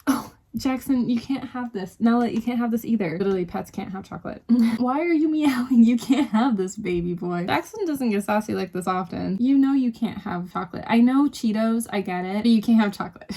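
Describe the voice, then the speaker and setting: A woman's voice: a little high, brisk, warm tone. A young adult woman chatting casually to camera at home, rambling with lots of "like" and talking to her dog and cat. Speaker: vlogger. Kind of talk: casual chat. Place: home at night.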